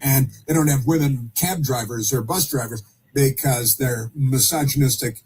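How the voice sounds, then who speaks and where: A man hosting opinionated talk radio, speaking haltingly with many fillers and restarts and dropping sarcastic asides. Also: mid-range voice, darkish tone, slightly rough.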